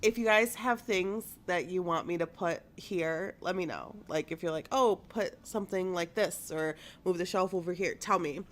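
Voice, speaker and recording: A woman's voice: on the low side, normal speed, few pauses. A woman in her thirties hosting a casual live-streamed news show from a small studio, chatty and bubbly, with a stuffy nose. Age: 30s. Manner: chatty, bubbly, lots of fillers.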